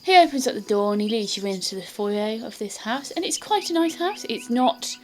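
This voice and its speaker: A woman's voice: a little high, lively intonation, brisk, faint music behind. A woman with a British accent narrating a tabletop game as game master in a chatty, descriptive way.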